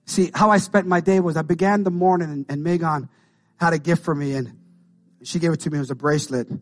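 A pastor in his fifties preaching an impassioned sermon, calling out to the congregation and rising into shouts. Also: on the high side, fairly quick. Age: 50s. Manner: impassioned, call-and-response preaching.

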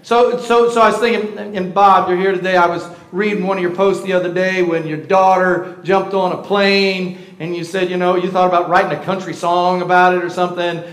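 A man's voice: high-pitched, flat delivery, fairly quick, hardly any pauses, fairly bright tone. A middle-aged man preaching a sermon as pastor, talking conversationally and calling out to his congregation. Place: church sanctuary. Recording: roomy echoey hall.

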